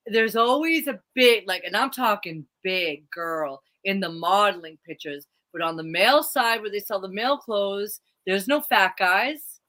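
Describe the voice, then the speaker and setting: Woman co-host, middle-aged, bright voice, animated storyteller. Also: medium pitch, a little slow. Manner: animated, laughs often, tells stories. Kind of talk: casual live chat.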